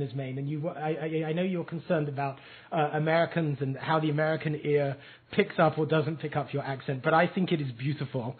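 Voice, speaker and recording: English-accented male talk radio host, eloquent and enthusiastic, slightly husky, lo-fi phone sound. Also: a little high, fairly even intonation, a little fast. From England.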